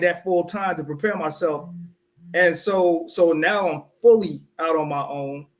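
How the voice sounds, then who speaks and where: A young man from South Carolina telling a personal story in casual podcast chat, acting out the people he quotes. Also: a little high. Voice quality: animated, acts out quoted voices. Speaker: podcast co-host.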